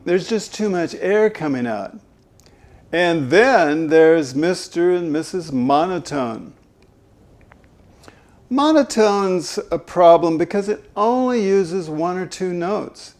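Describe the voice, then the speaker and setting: Give me a male voice coach with a slightly high, gravelly voice, talking slowly and emphatically. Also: a little mellow. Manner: emphatic, demonstrates voice faults. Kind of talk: instructional talk with vocal demonstrations.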